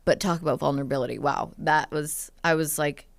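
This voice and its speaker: A woman's voice: deep voice, fairly quick, gravelly, no room sound. A woman in her thirties, a podcast guest, chatting openly and telling personal stories with many "like"s and "um"s. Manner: open, storytelling, lots of "like" and "um". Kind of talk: casual podcast chat.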